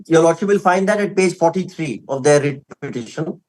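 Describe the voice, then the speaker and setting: On a low-quality recording, an advocate with an Indian English accent and a voice on the high side makes a formal courtroom argument for a respondent. Speaking a little fast, he is emphatic yet deferential, repeatedly saying "my lord" to the bench.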